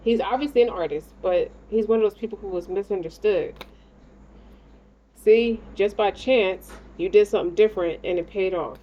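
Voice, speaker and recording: A woman's voice: medium pitch, moderate pace. Slangy, rambling woman reading tarot. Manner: rambling, slangy and profane, talks to the listener directly. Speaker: tarot reader. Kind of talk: casual tarot reading monologue. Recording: dull lo-fi sound with faint noise.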